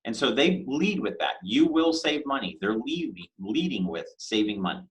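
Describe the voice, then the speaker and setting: A man lecturing on business in an easygoing, conversational way. He asks questions out loud and punches key words with sudden emphasis, at a middling pitch for a man. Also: sing-song, normal speed, poor audio. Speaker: business instructor.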